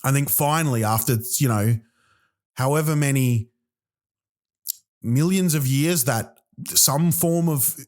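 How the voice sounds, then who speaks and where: A man's voice: mid-range voice, takes it slowly, pauses often. Ranting, exasperated man. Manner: exasperated, profane, animated rants. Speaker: comedian podcast host. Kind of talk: rambling comic monologue.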